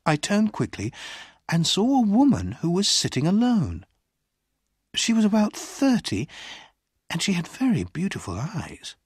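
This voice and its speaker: A reader slowly and clearly narrating a graded-reader story. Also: mid-range voice, huge pitch swings, dry recording, studio quality. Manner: slow, clearly paced storytelling. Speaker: audiobook reader.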